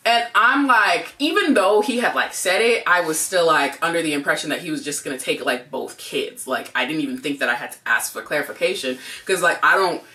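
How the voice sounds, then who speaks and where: A young woman co-hosting a couple's channel, telling a story in a casual, animated way, full of "like" and acted-out quotes. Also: deep voice, a little fast, hardly any pauses. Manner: animated, heavy use of "like", acts out quotes. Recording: voice a bit distant from mic.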